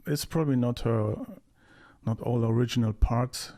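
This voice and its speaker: A man's voice: mid-range voice, steady tone, normal speed, warm tone. A man giving sarcastic, mocking commentary while reacting to a movie, with bursts of laughter.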